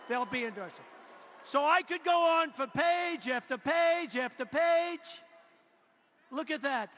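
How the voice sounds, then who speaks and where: A man giving a boastful, repetitive rally speech, swinging from quiet asides to shouted lines, at a podium microphone in a large arena. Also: extremely high pitch. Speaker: political speaker at a rally. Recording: echoey arena with faint crowd noise.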